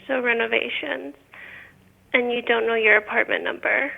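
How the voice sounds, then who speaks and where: A woman working in an apartment office, speaking firmly and formally over the phone and pressing for details. Her voice sits slightly high. It comes through a tinny, narrow phone line. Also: steady tone, moderate pace, creaky. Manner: firm, formal, insistent. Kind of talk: phone call.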